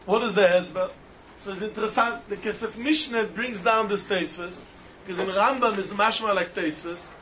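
A man's voice: sits high, normal speed, a little hiss or hum. A man teaching a style Talmud lecture, arguing animatedly in a sing-song way. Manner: animated, mixes Hebrew, Aramaic and Yiddish terms into English, sing-song reasoning.

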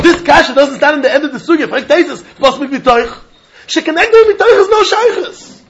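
A man teaching a Talmud class, animated and questioning, mixing in Yiddish and Hebrew terms. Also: very high voice, highs cut off, slight background noise.

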